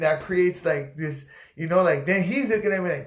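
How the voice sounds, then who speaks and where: A man's voice: fairly high pitch, normal speed. A man telling rambling, profane stories in casual chat, acting out other people's voices as he goes. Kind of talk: casual storytelling. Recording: echoey room.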